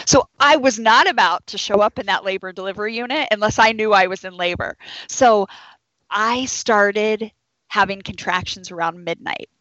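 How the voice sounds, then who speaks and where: A young woman who works as a labor and delivery nurse tells a personal story, slipping into the voices of the people in it. Her voice sits at a mid pitch. The sound is dry and close, slightly dull and lo-fi. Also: normal speed, dry recording. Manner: animated, acts out quoted voices. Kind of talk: storytelling to an audience.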